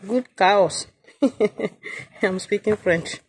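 A woman's voice: mid-range voice, drawn-out words, long pauses, slightly rough. A woman farmer with a Nigerian accent, chatting playfully and coaxing her animals in a casual vlog.

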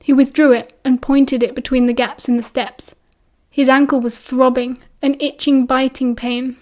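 Casting: British woman, audiobook narrator, high voice, expressive and steady. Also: a little slow, few pauses. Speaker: audiobook reader.

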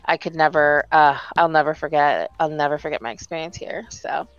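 A woman hosting a virtual-world event in casual chat, emotional and halting, with many fillers. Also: low voice, clear, resonant tone, no echo, lo-fi sound.

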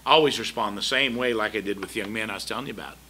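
A middle-aged man preaches from the pulpit in a very bright, forceful voice. He drives his points home with repeated rhetorical questions and an earnest, emphatic delivery. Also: on the low side, rapid-fire, slight background noise. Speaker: pastor. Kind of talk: sermon. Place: church sanctuary.

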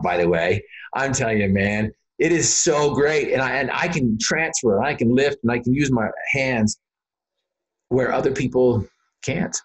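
A man being interviewed, telling a personal story in an earnest, emotional way, often repeating words and saying "you know". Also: medium pitch. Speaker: interview guest.

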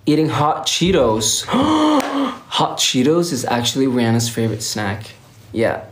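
A man's voice: medium pitch, normal speed. A young man from Sweden, hosting a casual livestream and chatting playfully with viewers while tired. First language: Swedish. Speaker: livestream host. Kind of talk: casual livestream chat reading viewer comments. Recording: roomy echo.

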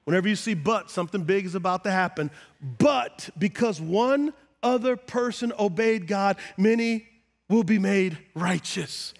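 A middle-aged man preaching a sermon as pastor, talking straight to the congregation and rising to loud, emphatic peaks. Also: sits high, animated, moderate pace, vocal fry. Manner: preachy, builds to shouting, call-and-response asides. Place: large church sanctuary. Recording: long hall reverb.

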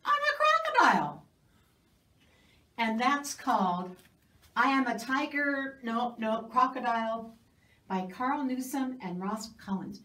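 A woman working as a children's librarian, reading a picture book aloud to children in a cheerful, animated way in a library. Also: on the high side, unhurried. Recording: roomy sound from a distant mic.

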